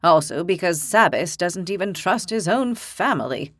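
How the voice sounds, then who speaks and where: A woman narrator voicing a weary, regretful older male interpreter in an audiobook, speaking slowly and gravely. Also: fairly low pitch, animated, fairly bright tone, no echo, studio quality. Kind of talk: audiobook character voice.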